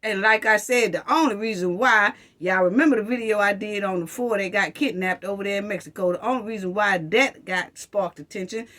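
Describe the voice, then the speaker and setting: Impassioned woman with a higher voice. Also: a bit bright. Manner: passionate, repetitive, mocking with quoted voices. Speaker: commentary channel host. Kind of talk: opinion commentary to viewers.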